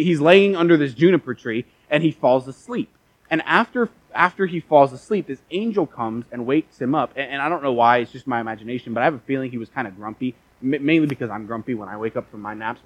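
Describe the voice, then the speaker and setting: Husky young preacher in a dry room. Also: male voice, medium pitch, no room sound, rough recording. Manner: earnest and conversational, with frequent restarts and acted asides. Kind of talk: sermon.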